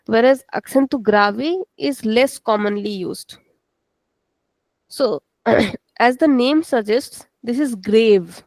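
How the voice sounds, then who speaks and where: A woman's voice: on the high side, a little mellow, no room sound. A woman teaching a language lesson, explaining step by step and checking in with "okay". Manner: switches into Hindi to explain.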